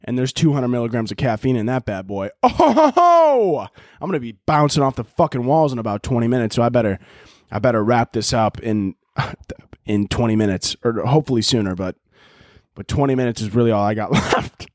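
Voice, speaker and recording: A man's voice: mid-range voice, brisk, a little mellow, no echo, studio quality. A man in his twenties with a Chicago accent, ranting profanely and laughing as a solo podcast host. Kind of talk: casual solo podcast rant.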